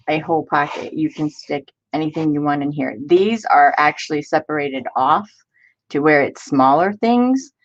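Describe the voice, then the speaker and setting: Woman, crafting stream host, casual live chat, excitable, chatty, somewhat low voice, muffled lo-fi audio. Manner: chatty and excitable, greets viewers by name.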